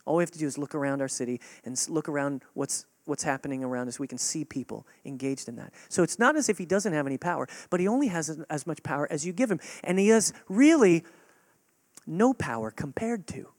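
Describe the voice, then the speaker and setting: Male pastor mid-sermon: high, very expressive voice, dry close sound, earnest, drops to a hush for effect. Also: quick pace, dry recording. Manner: swings between loud urging and hushed, near-whispered stretches; earnest, direct appeals to the congregation.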